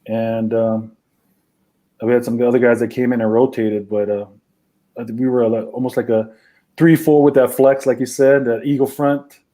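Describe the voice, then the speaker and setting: A man from Hawaii, a former football player, recalling his career in a relaxed interview chat with lots of fillers. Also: mid-range voice, normal speed. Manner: relaxed, many fillers, acts out phone calls.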